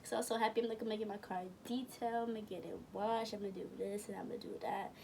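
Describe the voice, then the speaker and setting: A woman's voice: medium pitch, steady tone, quick pace, gravelly. A young woman telling a casual storytime, rambling and correcting herself as she goes, full of slang. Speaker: vlogger. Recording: from a distance with faint room noise.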